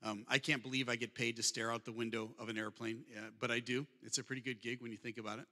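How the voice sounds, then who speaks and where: A man's voice: mid-range voice, level tone, fast talker, pushed and bright. A man in his fifties, a guest speaker telling humorous stories and talking directly to his audience in a conversational way. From Michigan, USA. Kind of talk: storytelling talk. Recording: long hall reverb.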